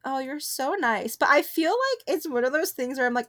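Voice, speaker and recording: A young woman co-hosting a podcast in casual chat, chatty and giggly, riffing quickly. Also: sits high, sing-song, a bit bright. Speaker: podcast co-host.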